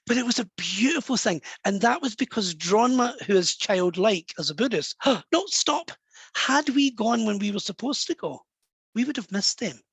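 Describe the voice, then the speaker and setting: A Scottish man, a medium and author, telling a personal story softly and warmly in an interview. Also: high voice, animated, normal speed, husky, no echo. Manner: soft, warm and anecdotal, drops to a hush at moving moments.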